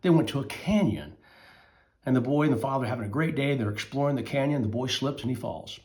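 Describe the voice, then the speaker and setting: A man speaking to parents, telling a moral fable and giving advice in an earnest, emphatic way with dramatic pauses. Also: medium pitch, expressive, darkish tone.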